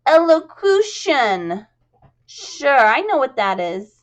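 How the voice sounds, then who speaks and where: A squeaky, grating chorus girl. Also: big pitch swings, takes it slowly, dull audio, heavily acted. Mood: excited. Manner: eager, breathless pleading.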